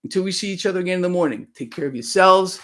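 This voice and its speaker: A man's voice: sits high, animated, racing, a bit bright. A man hosting a live stream, talking emphatically and preachily and often checking in with "okay?". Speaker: livestream host. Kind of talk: casual live-stream talk.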